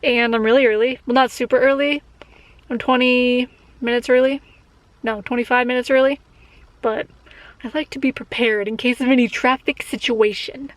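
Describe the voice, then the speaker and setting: A young woman from Colorado talking casually in a vlog. She is chatty, laughs often and drops into hushed asides. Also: on the high side, steady tone, moderate pace, low-quality recording. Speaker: vlogger. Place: outdoors on a walk, later at a hospital.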